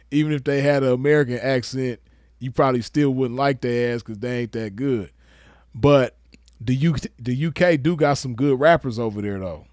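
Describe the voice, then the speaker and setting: A man's voice: mid-range voice, darkish tone, dry recording, clean studio sound. A young man from the West Coast giving laid-back, slangy commentary with frequent chuckles. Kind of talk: casual commentary.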